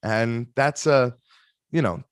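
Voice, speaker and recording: A man telling animated stories in a casual interview, acting out other people's voices, with frequent restarts. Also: mid-range voice, takes it slowly, clean tone, no echo, studio quality. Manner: animated storyteller, acts out quoted voices, many restarts. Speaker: interview guest, performer.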